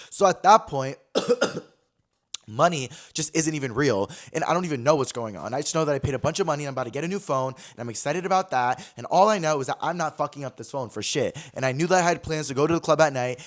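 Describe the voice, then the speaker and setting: A young man hosting a casual talk show, telling a story in an animated way, acting out quotes and swearing freely. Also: a little high. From California. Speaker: podcast host.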